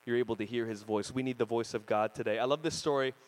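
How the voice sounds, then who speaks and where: A man's voice: mid-range voice, fairly even intonation, quick pace. A young adult man preaching a sermon as pastor, telling stories with energy and big swings in volume.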